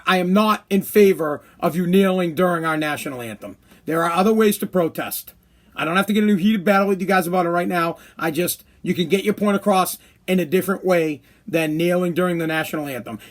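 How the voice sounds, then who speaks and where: A man hosting his own podcast, ranting bluntly in a casual monologue and swearing often. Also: high voice. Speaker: podcast host.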